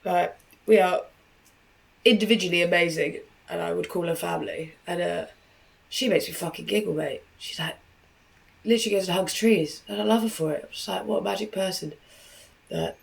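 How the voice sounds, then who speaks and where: A woman's voice: lowish voice, expressive, a little fast, vocal fry, poor audio. A British woman hosting a podcast, reacting to a clip in blunt, crude, chatty talk full of swearing. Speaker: podcast host. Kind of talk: crude casual reaction commentary.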